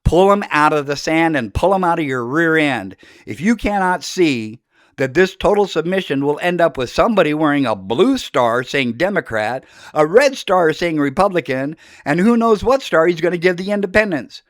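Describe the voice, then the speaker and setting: A man's voice: on the high side, lively intonation, normal speed, dry recording, studio quality. Fiery older man ranting. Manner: fiery, accusatory, shouting into speeches. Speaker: podcast host. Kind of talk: impassioned political monologue.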